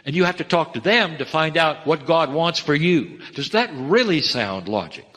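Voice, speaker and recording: A man delivering a channeled spiritual message, measured and earnest, addressing listeners as dear ones. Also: fairly high pitch, expressive, a bit bright. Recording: long reverb of a hall.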